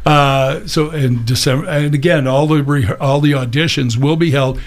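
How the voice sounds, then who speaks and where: A man's voice: a little high, steady tone, moderate pace. A man hosting a casual interview, asking rambling friendly questions with plenty of fillers. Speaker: radio talk show host.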